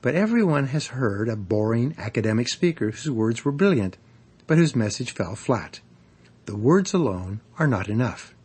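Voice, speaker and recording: A husky man narrates an audiobook on persuasion and public speaking. His delivery is measured and instructive, and his pitch rises and falls in a lively way. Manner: measured, instructive, varies emphasis for examples. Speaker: author narrating a speaking guide.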